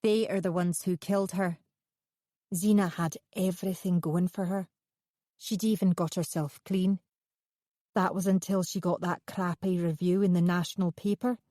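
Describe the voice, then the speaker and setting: Audiobook villain: woman playing a menacing male artist, falsely congenial, with a dark, low voice. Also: steady tone, normal speed, no echo, studio quality, natural voice. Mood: bitter. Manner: congenial on top, snarling underneath.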